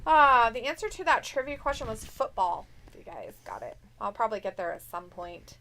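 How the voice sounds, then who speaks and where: A woman's voice: on the high side, sing-song, brisk, gravelly, pushed and bright. A woman co-hosting a live stream, chatting casually and reading viewer messages aloud in a teasing, jokey way.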